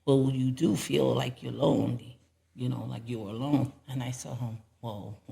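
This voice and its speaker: A woman guest on a podcast, telling a personal story in a low-key, rambling way with many fillers. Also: steady tone, moderate pace, creaky, mellow. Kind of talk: casual storytelling.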